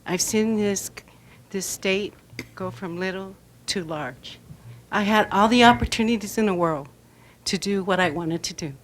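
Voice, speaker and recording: An older woman from Arizona speaking at a public comment, halting and emotional. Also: mid-range voice. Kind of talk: public comment at a board meeting.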